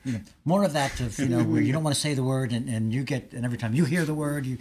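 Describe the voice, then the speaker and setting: A man, an actor guest in an interview, talking in a halting way as he searches for words. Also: mid-range voice, a crowd in the background. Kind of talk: casual interview.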